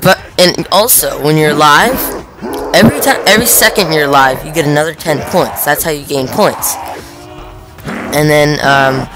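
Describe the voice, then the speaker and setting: A man's voice: a little high, normal speed, music in the background. A young man hosting a gaming channel, talking through a gameplay clip in a rambling, hesitant way with lots of fillers. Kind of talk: casual gameplay commentary.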